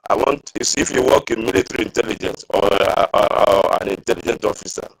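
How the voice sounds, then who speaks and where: A man's voice: on the low side, fast talker, vocal fry, husky, poor audio. A man in an online audio meeting making earnest, preachy comments and quoting the Bible. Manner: preachy, repeats "you see". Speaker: meeting participant.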